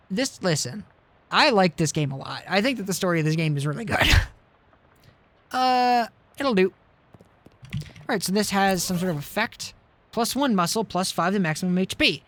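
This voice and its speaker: A man's voice: high-pitched, animated, normal speed, long pauses, fairly bright tone, no room sound. A man streaming a video game, giving casual commentary with wry joking asides.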